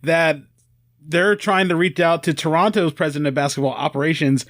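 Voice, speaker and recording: Guy hosting a sports podcast, chill and reflective, slightly high voice, dead dry audio. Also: fairly quick, a bit bright, dry recording. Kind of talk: casual chat.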